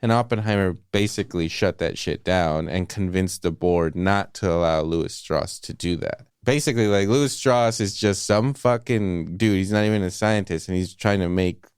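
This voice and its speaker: A man co-hosting a movie podcast, retelling film scenes in a casual, profane, animated way. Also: deep voice, normal speed, hardly any pauses, clean tone, no room sound, clean studio sound. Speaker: podcast co-host.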